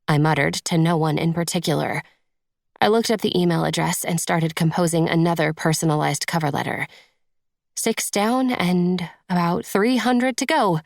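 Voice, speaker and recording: An audiobook narrator reads a first-person romance in a measured, intimate way. Her low voice has a gravelly fry, and the recording is close and dry.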